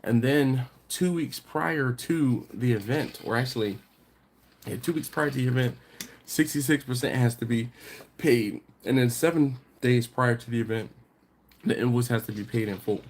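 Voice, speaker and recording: A man's voice: mid-range voice, moderate pace. Congested man chatting on a live stream. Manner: rambling, full of fillers and restarts. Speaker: host of a barbecue channel. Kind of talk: casual live-stream chat.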